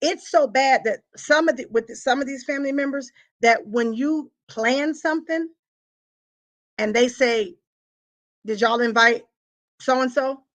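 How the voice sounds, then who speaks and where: Woman, live-stream host, preachy and emphatic, higher voice, acts out confessions. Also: a little slow. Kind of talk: preachy talk to a live audience.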